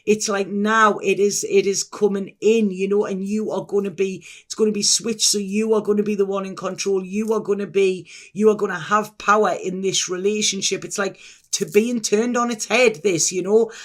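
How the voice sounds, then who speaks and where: Brief: male tarot reader, high voice, effusive and meandering, keeps restarting his sentences. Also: steady tone, moderate pace, fairly bright tone. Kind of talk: solo tarot reading to camera.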